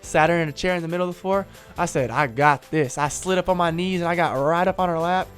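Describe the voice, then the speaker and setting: A man's voice: sits high, steady tone, fast talker, soft background music. Joking young man egging co-hosts on. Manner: joking, pushy, storytelling. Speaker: radio show co-host. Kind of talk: casual studio chat.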